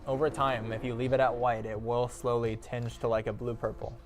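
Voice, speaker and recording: A man's voice: medium pitch, level tone, brisk. A man hosting a PC build livestream, explaining hardware in a laid-back, casual way, with faint music underneath. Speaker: PC build stream host.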